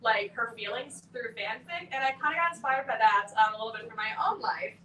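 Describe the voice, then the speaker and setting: A woman's voice: a little high, lively intonation, fairly quick, bright, forceful tone. A young woman, a debut author at a book launch, chatting casually with lots of "like" and "um" and frequent laughter. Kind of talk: casual chat at a live event. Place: bookstore event room. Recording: echoey room, mic at a distance, faint hiss.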